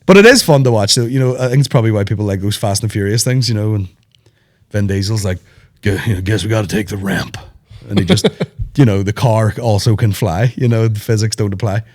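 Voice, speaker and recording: A man hosting a podcast, rambling in animated, sweary banter. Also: lowish voice, quick pace. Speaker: podcast host. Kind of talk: casual chat.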